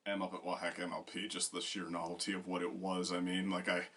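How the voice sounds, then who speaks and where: A man's voice: sits low, flat delivery, brisk. A man co-hosting a casual discussion, rambling with many fillers and restarts. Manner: bursts into loud acted quotes. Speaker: co-host.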